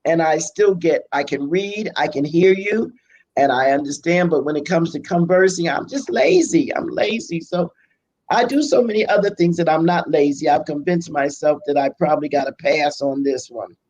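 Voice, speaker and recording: An older woman with a Brooklyn accent, chatting as an interview guest, self-deprecating and quick to laugh. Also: low-pitched, lively intonation, a little mellow, poor audio. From Brooklyn, United States. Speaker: pastor and biblical scholar, guest. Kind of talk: casual conversational interview.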